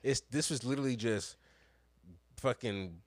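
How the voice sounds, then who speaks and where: A young man co-hosting a podcast, telling an animated story in casual, profane slang. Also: medium pitch, normal speed, no echo. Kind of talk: casual chat.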